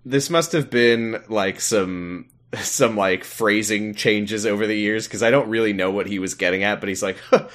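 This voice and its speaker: A man's voice: on the low side, moderate pace. A man co-hosting a podcast, casually recapping an episode and laughing as he acts out the characters. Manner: laughing, animated retelling with quoted voices. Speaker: podcast co-host.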